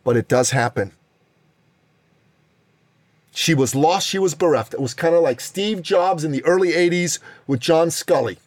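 A man's voice: fairly high pitch, normal speed, long pauses, dry recording. Middle-aged guy hyping up a success story, punchy and dramatic, dry close sound. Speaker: podcast host. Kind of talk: motivational storytelling monologue.

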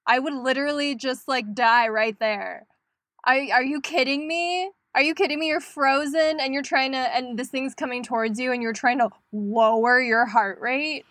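Squeamish high-voiced woman co-host. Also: normal speed, a bit bright, no room sound. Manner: squeamish, exclaims and protests. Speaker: podcast co-host. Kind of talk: casual chat reactions.

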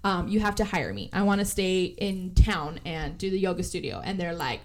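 A podcast co-host with a fairly low voice recaps a movie in casual, animated chat at normal speed. She acts out the characters' lines and swears freely.

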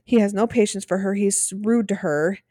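A woman co-hosting a podcast, retelling a TV episode in casual chat with lively acted-out quotes. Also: mid-range voice, moderate pace, no room sound, clean studio sound. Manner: chatty, animated retelling with acted quotes and laughs. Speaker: podcast co-host.

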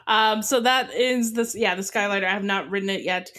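A woman's voice: mid-range voice, a little fast, fairly bright tone. Chatty woman podcast co-host. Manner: chatty, explains park tips with fillers. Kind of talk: casual chat.

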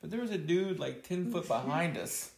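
A man's voice: a little high, expressive, moderate pace, creaky, a little hiss or hum. A man co-hosting a podcast, joking around and telling stories with frequent laughs. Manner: jokey storyteller, laughs often. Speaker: podcast co-host. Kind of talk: casual podcast banter. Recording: echoey room.

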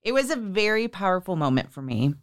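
A woman hosting a faith podcast, telling stories in a lively, animated way and acting out what others said. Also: medium pitch, a little fast, no room sound, clean studio sound. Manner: animated storyteller, acts out quoted voices. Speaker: podcast host. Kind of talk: casual conversation.

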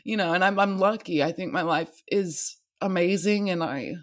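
A woman's voice: fairly low pitch, normal speed. Weary young woman venting on her vlog. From United States. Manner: tired, rambling, swears freely. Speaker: vlogger. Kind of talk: candid confessional vlog.

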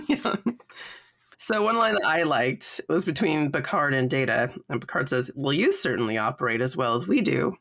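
Female podcast co-host, casual, gravelly fry, bright sharp tone, filler-heavy. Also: rumbling low, animated, moderate pace. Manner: chatty, uses many "like" fillers. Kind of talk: casual chat.

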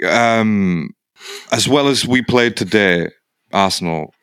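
A man's voice: fairly low pitch, slow, a bit bright, smooth, dry recording, clean studio sound. A man co-hosting a casual sports podcast as an Arsenal fan, rambling and repeating himself with lots of fillers.

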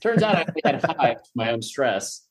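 A man's voice: medium pitch, sing-song, fairly quick. A man, a podcast guest telling a long story in a rambling, self-mocking, profane way. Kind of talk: storytelling in casual chat.

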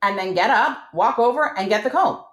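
A woman coaching a parent in a calm, clear, instructive way as the host. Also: a little high, brisk, reverberant. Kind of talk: coaching conversation.

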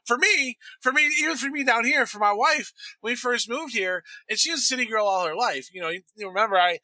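Bright, high-voiced Midwestern man. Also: quick pace, no echo. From American Midwest. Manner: rambling, relaxed, profane, many fillers. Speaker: podcast host. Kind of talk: casual sports chat.

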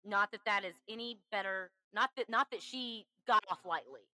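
A woman's voice: moderate pace, bright, forceful tone, no echo, poor audio. A woman hosting a podcast, earnestly telling a true crime story and acting out the quotes. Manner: earnest, acts out quotes with shifts in pitch. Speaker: podcast host.

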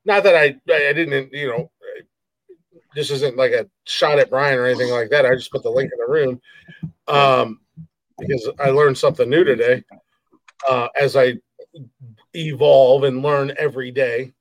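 A man hosting a live show who rants with heavy swearing and keeps circling back to the same complaints. His voice sits at an ordinary pitch and sounds dry and close to the mic. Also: fairly even intonation, normal speed, pauses often, no room sound. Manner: heated, profane, repetitive, frustrated. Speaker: podcast host. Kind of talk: profane live-stream rant.

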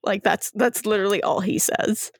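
A woman's voice: medium pitch, fairly even intonation, normal speed, husky, no room sound, studio quality. A woman game master narrating a tabletop game in a chatty, laughing way, full of "like" fillers.

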